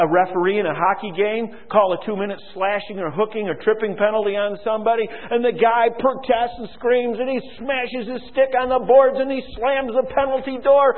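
High-voiced preacher in an echoing hall. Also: male voice. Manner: conversational, asks the audience questions. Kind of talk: sermon. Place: large auditorium. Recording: tinny, echoing hall recording.

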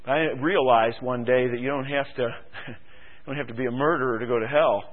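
Fervent preacher on tinny radio. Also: male voice, steady tone, a little fast. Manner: builds from low musing to loud fervent exhortation; rhetorical questions to the congregation. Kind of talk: sermon. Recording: tinny phone-like radio broadcast.

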